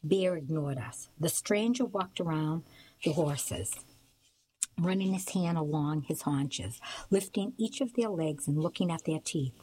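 A woman reads a novel aloud for a radio reading service. Her voice is low and slightly husky. She tells the story steadily and plainly. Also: unhurried, dark tone, low-quality recording.

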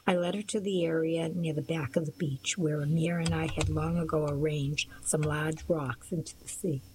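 Low-voiced woman reading a novel. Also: steady tone, moderate pace, mellow, a little hiss or hum, poor audio. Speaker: audiobook narrator. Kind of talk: first-person audiobook narration.

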